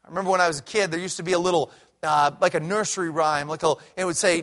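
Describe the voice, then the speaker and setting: High-voiced preaching man. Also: steady tone, fast. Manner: dynamic preaching, swinging from loud emphatic peaks to low quiet passages. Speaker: pastor. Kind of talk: sermon.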